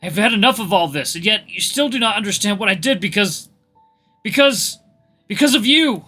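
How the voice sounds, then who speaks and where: A man's voice: high voice, lively intonation, fast, sharp tone, voice pushed up, heavily acted. A man voicing a distraught young male black wolf, pleading and broken, with faint music behind. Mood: anguished.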